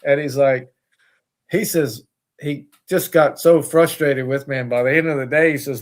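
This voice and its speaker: A man's voice: fairly high pitch, fairly even intonation, moderate pace. A man, the owner of a distillery, talking as a guest in a casual interview, rambling with many fillers and restarts.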